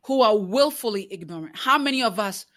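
A woman's voice: mid-range voice, lively intonation, a little fast, fairly bright tone. Woman, interview guest; fervent, preacher-like cadence, lots of fillers and restarts. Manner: impassioned, preaching cadence, repeats rhetorical questions. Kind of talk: conversational interview.

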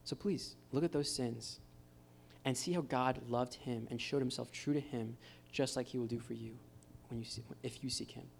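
A man's voice: mid-range voice, fairly even intonation, normal speed, creaky, slight background noise. A man preaching a casual, encouraging sermon at a church gathering. He speaks informally and keeps calling his listeners "guys.". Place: church gathering with live guitar. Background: faint guitar.

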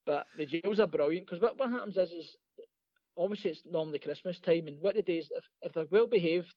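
A Scottish comedian rattles through a sweary story in a bright, high voice. He talks quickly and laughs along with his own tales. The recording is dry and a little dull. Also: dry recording. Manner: rapid, profane, laughing anecdotes. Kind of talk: casual storytelling.

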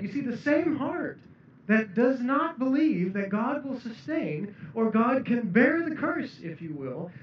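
A man's voice: high voice, a little hiss or hum. A man preaching a sermon, earnest and building to emphatic peaks. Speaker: pastor. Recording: echoey room, distant mic, dull sound.

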